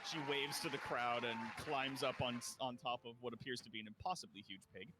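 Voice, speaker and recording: A man's voice: medium pitch, steady tone, fairly quick, noisy background. A man running a tabletop game as game master, narrating in a loose, chatty way full of fillers.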